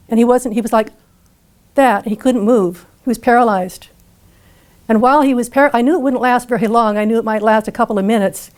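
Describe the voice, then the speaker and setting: A woman's voice: on the high side, a little mellow. A woman speaker retelling a personal story to an audience, vivid and dramatic. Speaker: featured speaker.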